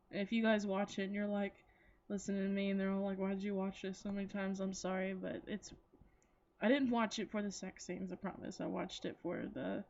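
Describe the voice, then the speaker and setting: A woman talks straight to her viewers in a loose, chatty ramble, giggling and cursing as she trips over her own sentences. Her voice sits at an ordinary middle pitch. The sound is dull and lo-fi, like a home recording on a built-in mic. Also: a little mellow. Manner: rambling, giggly, swears freely, many likes and restarts. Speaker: anime reviewer. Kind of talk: casual chatty plot retelling.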